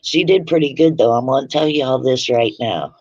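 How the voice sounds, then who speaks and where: A woman with a bass voice, brisk and a little mellow, hosts a livestream from home, telling stories in a blunt, profane, chatty way. The audio is dull, dry and lo-fi.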